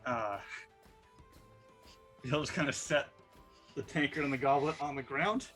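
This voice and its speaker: Man player, middle pitch, relaxed, soft music underneath. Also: a little slow. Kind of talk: tabletop role-play.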